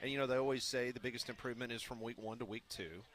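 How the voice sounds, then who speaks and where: A man's voice: mid-range voice, fairly even intonation, rapid-fire, fairly bright tone. A man co-hosting a sports radio show, telling stories in a chatty, teasing way. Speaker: radio co-host. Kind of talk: casual studio banter.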